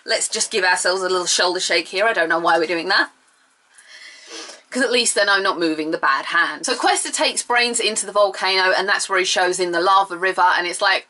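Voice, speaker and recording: A young woman chatting through a TV episode review, animated and sarcastic, with bursts of mock outrage. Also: fairly low pitch, brisk. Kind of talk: casual video review.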